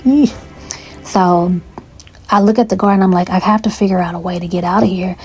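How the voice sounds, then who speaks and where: Woman, casual storytime, animated, acts out quotes, faint music behind. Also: lowish voice, fairly quick. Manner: animated retelling with quoted dialogue, swearing.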